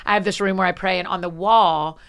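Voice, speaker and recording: A woman guest on a podcast, chatting casually and telling stories with animated energy and quick asides. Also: lowish voice, clear, resonant tone. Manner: frequent laughs and quick asides. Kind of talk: casual conversation.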